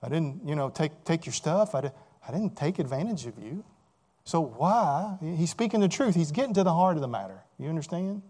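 Male pastor, fairly high voice, plain conversational preaching that keeps checking in with the congregation. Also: expressive, brisk, a little mellow. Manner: conversational preaching with rhetorical questions and repeated words. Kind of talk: sermon.

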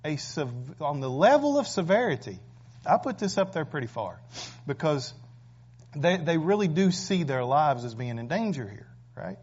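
A man's voice: on the high side, sing-song, moderate pace, darkish tone, husky. A man preaching a sermon, emphatic and full of rhetorical questions. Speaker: pastor. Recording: dull lo-fi recording.

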